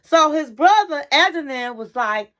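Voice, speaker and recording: A woman's voice: sits high, animated, unhurried, fairly bright tone. A woman hosting a casual reality TV recap, chatty and sassy, talking straight to the listener.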